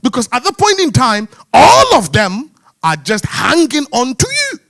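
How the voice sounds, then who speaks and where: A man's voice: very high voice, huge pitch swings, unhurried, creaky, fairly bright tone. A man with a London accent hosting a church discussion among men, earnest and searching, often restarting his questions. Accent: London English. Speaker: host.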